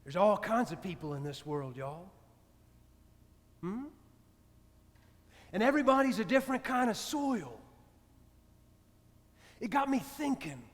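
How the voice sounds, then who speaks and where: High-voiced priest in a reverberant church. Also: male voice, big pitch swings, unhurried, pauses often. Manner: conversational, drops to soft hushed tones. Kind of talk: storytelling sermon. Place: church sanctuary.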